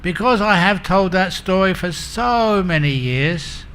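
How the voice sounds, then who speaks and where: A man's voice: sits high, lively intonation, a little slow, a bit bright, a little hiss or hum. A man giving a Buddhist dharma talk, telling humorous stories and chuckling at his own jokes. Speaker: Buddhist monk teacher.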